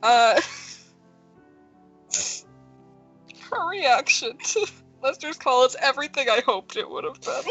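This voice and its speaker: High, slow-talking woman with loud music. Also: sing-song. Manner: laughing, swearing, teasing. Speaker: player. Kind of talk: casual post-game chat.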